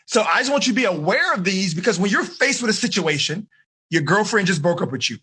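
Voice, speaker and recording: A man running a live seminar for teenagers, energetic and asking the audience questions. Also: high voice, quick pace, husky. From United States. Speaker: teen life coach.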